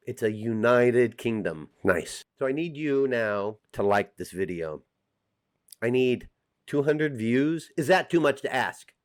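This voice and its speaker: A middle-aged man with an American accent, talking casually and jokingly straight to the camera as a vlogger. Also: fairly low pitch. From United States. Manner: chatty, joking, direct address to viewers.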